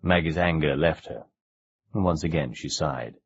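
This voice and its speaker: A man narrating an audiobook with measured, expressive storytelling. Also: a bass voice. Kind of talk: scripted narration. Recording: dull lo-fi cassette recording.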